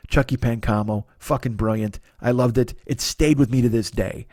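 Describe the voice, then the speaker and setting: A man's voice: medium pitch, fairly even intonation, normal speed, darkish tone, dry recording. Man, forties, solo comedy podcast, profane, rambling, self-deprecating, dry close sound. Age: 40s. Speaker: podcast host.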